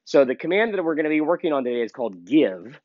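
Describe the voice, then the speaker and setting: A male dog trainer with a raised, lively voice talks through a hands-on lesson in an easygoing way. He stops now and then to bark out sharp, high commands to the dog. The sound is dull and dry, like a lo-fi outdoor video. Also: fast talker, no room sound.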